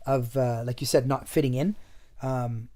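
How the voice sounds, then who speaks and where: A man from Chile hosting a podcast, talking in a relaxed, agreeable way with lots of "you know what I mean". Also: mid-range voice, normal speed. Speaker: podcast host. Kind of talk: casual conversation.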